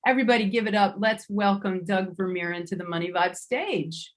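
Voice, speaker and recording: A woman's voice: mid-range voice, fairly quick. A woman hosting an online summit, introducing speakers in an effusive, chatty way with frequent self-corrections. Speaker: summit host.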